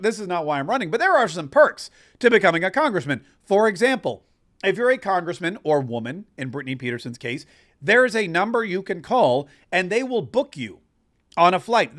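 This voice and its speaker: A male host delivers political commentary in a rather high voice, pressing each point with emphatic, sarcastic rants. He builds momentum, repeating phrases to hammer home his argument. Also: a bit bright.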